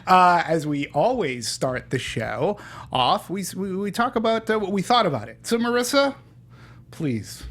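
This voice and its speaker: A man hosting a casual movie review podcast, chatty and halting, with frequent restarts. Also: sits high, big pitch swings, a bit bright. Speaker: podcast host.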